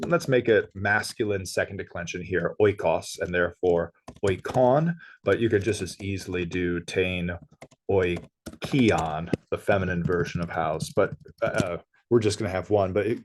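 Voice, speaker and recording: A man teaching ancient Greek, working methodically through a grammar exercise and correcting himself as he goes. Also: fairly low pitch. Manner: methodical, explanatory, self-correcting.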